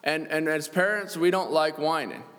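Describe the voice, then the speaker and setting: A man's voice: on the high side, moderate pace, fairly bright tone. A man preaching a sermon, reading scripture aloud in an earnest way and chuckling now and then. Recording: long church reverb.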